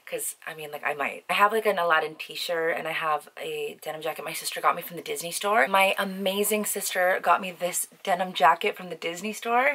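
A woman's voice: on the low side, fairly bright tone, rough recording. A young woman beauty vlogger gushing over lipsticks in a casual review at home, recorded on a camera mic and peppered with "like". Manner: bubbly and gushing, heavy use of "like".

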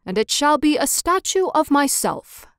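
A woman voices a pompous, self-important male town mayor in a storybook reading, and the voice comes across as a man's. It's very high, pitched above her own voice, exaggerated and very animated, a bit bright, at normal speed. The recording is clean studio sound with no echo.

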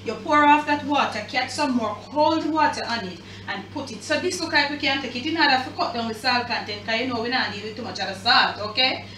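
A woman with a Jamaican accent chats emphatically through a recipe on her casual home kitchen cooking show. Her sharp, high-leaning voice is picked up from a distance in a roomy space, with a bit of hiss or hum.

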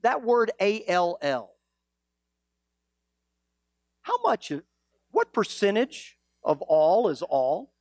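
A male pastor preaching a sermon, animated and teasing, full of rhetorical questions. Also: sits high, extremely slow, long pauses, dry recording, clean studio sound.

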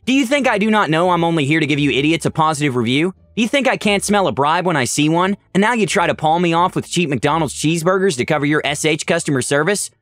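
A man's voice: sits high, wildly swooping pitch, normal speed, hardly any pauses, fairly bright tone, dry recording, soft background music, pitched above the performer's own voice, heavily acted. A man voicing a drunk, entitled woman customer who keeps demanding and questioning. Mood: shouting, furious. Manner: whiny, insistent questioning.

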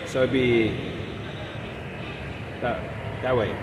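A man's voice: mid-range voice, flat delivery. A man chatting casually into his phone for a vlog, rambling and restarting his sentences often. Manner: rambling, halting with many restarts. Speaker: vlogger. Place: outdoors at an urban bus stop. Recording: street traffic noise. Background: traffic noise.

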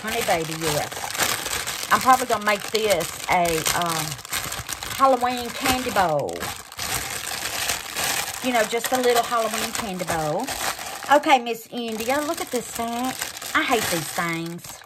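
A woman chats slowly and fondly as a craft host, calling her viewers honey and baby. Her voice sits a little high and her pace is unhurried. A faint hiss runs under the recording. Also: animated. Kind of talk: casual unboxing chat.

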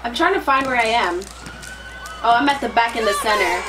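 A woman's voice: on the high side, brisk. A young woman in her twenties, vlogging casually and getting hyped as she reacts. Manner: excitable, hyped, slangy. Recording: distant voice over loud music and crowd.

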